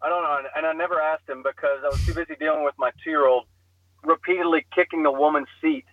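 A young man on a podcast telling a comic story in an animated way, acting out the voices. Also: a little high, quick pace, no echo, narrow, tinny audio.

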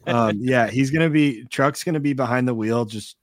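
A man's voice: medium pitch, normal speed, dry recording. A man from Chicago co-hosting a sports podcast, chatting casually and reading out viewer comments. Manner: upbeat, reads out viewer comments. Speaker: podcast co-host. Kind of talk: casual chat.

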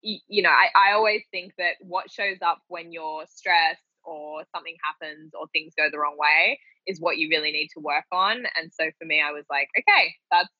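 Animated woman coach telling stories. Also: sits low, normal speed, hardly any pauses, no echo, dull audio. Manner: animated storyteller who acts out quotes and laughs often. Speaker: life coach and podcast host. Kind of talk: casual chat.

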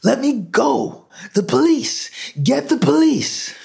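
A man voicing a terrified male shopkeeper who shouts in a high, strained voice. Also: expressive, measured pace, creaky, slightly rough, heavily acted. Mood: frantic.

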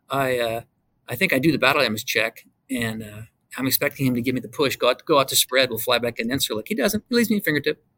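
A man's voice: a little high, gravelly, dry recording. An older man, a retired fighter pilot from the United States, telling stories in an interview and acting out the other people's voices in them. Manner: acts out voices in his stories, swings between loud and hushed. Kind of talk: animated storytelling in an interview.

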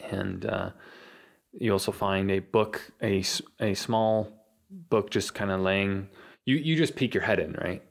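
A man serves as game master for a tabletop game, narrating haltingly with many fillers in a fairly low, gravelly voice.

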